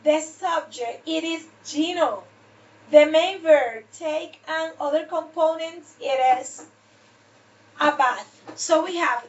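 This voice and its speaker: A woman gives an English grammar lesson, repeating each example sentence with deliberate care. Her voice sits high and she speaks unhurriedly. She is picked up from some distance on a dull, muffled recording. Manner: repeats example sentences slowly and deliberately, switching to Spanish for explanations. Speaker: English teacher. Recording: dull distant mic in a room.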